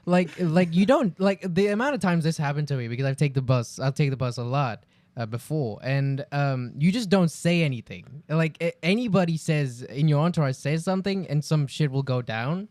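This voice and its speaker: A man's voice: on the high side, normal speed, darkish tone, dry recording. A man speaking hesitantly in a casual chat, with many fillers.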